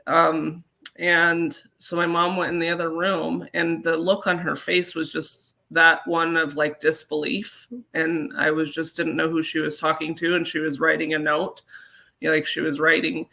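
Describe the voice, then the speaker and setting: A woman from Colorado telling a personal story as an interview guest, halting and earnest, with many fillers. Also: low-pitched, level tone, creaky, bright, forceful tone. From Colorado, USA.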